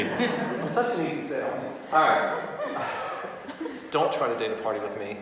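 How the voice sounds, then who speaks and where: A man giving a live sales training to an audience, chatty and quick to laugh, full of anecdotes. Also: fairly high pitch, animated, a crowd in the background. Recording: echoey hall recorded from far off.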